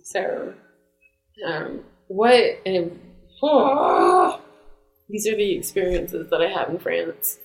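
A woman telling a story in casual chat, animated and quick to laugh. Her voice sits a little low for a woman. The recording carries a noticeable roomy echo. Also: creaky. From United States.

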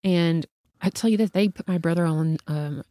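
A middle-aged woman, a podcast guest, telling a personal story in a lively, talkative way with lots of "like" fillers. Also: fairly low pitch, normal speed, dry recording, clean studio sound. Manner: animated, talkative, frequent "like" fillers.

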